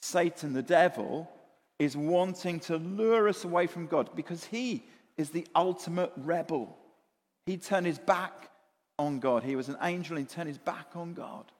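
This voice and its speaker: A man preaches with a high voice, now rushing, now slowing down to stress a word. He often repeats himself and asks his listeners questions. The sound carries a long reverb from the hall. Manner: animated, repeats words, asks the congregation questions. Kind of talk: sermon.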